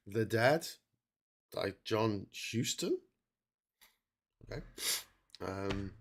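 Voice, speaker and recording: Tired middle-aged guy rambling on his livestream, keeps cutting himself off, average pitch. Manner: rambling, self-interrupting, chatty with mock-quoted dialogue. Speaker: livestream host. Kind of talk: casual livestream chat. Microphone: streaming setup mic.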